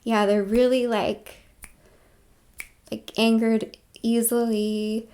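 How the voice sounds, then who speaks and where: A woman's voice: a little high, flat delivery, slow pace, mellow. A woman vlogging in a casual, rambling monologue, full of filler words and with dips into whispered asides.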